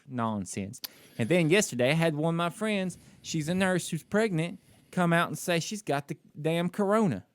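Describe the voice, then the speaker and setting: On the higher side and animated, this co-host speaks at normal speed as he tells a candid, casual story on a podcast. He criticizes himself along the way and uses lots of "you know" and "like".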